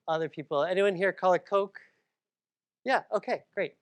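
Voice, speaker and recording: A woman's voice: on the low side, moderate pace. A woman from Massachusetts giving a public library lecture, conversational, with frequent ums and asides to the audience.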